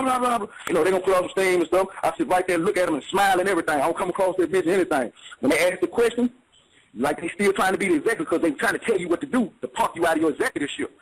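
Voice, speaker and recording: A man's voice: sits high, slight background noise, poor audio. A man explaining in casual, streetwise talk, emphatic and repetitive, often checking that the listener follows. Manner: streetwise, emphatic, repeats "you see what I'm saying".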